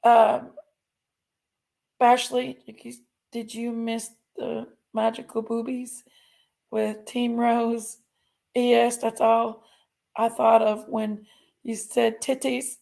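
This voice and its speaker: A woman's voice: on the high side, fairly even intonation, slow pace, gravelly, long pauses, darkish tone. A woman hosting a livestream, chatting in a rambling, folksy way and talking to her chat. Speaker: livestream host.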